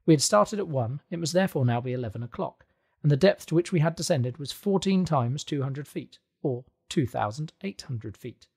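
A man reading a classic adventure novel aloud as audiobook narration, calm and even. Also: fairly high pitch, moderate pace, creaky, slightly rough. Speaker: audiobook reader. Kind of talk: scripted narration.

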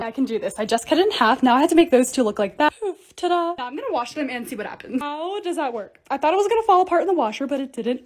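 A young woman in her twenties, a lifestyle vlogger, chatting over clips of herself organizing, bubbly and self-deprecating. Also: high voice. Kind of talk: voice-over narration of organizing videos.

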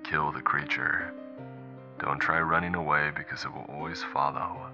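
Brief: man reading a doomed, wounded pilot, low and tense on a dull recorder, very deep voice. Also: fairly even intonation, moderate pace, music in the background. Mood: grim. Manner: low, tense, hushed reports. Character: wounded, hunted male pilot logging his last messages. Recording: muffled lo-fi recorder playback.

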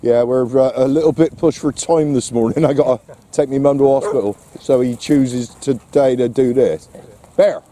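A man's voice: medium pitch, normal speed, warm tone. A man filming a countryside walk, chatting casually to his dog and the camera. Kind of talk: casual vlog narration. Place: outdoors in the countryside.

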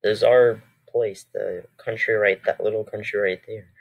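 A man's voice: on the low side, fairly even intonation, unhurried, vocal fry, dull audio. A man casually commenting over a history video, hesitant and rambling, correcting himself often. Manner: hesitant, rambling with many fillers and self-corrections. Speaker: reaction video host.

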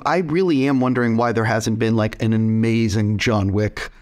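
A man's voice: on the low side, steady tone, moderate pace. A man interviewing a film director, asking casual, enthusiastic questions with fillers.

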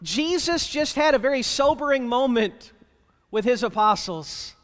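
A man's voice: very high voice, animated, measured pace, long reverb tail. A man preaching a sermon as pastor, plainspoken and wry, speaking to the congregation in a conversational way and asking them rhetorical questions. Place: church sanctuary.

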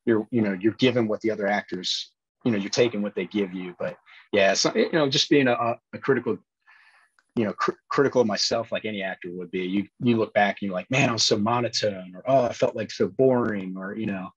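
A man's voice: lowish voice, fast talker, slightly rough, dry recording, highs cut off. A man who is an actor and former police officer, talking earnestly in a casual interview and rambling with many restarts.

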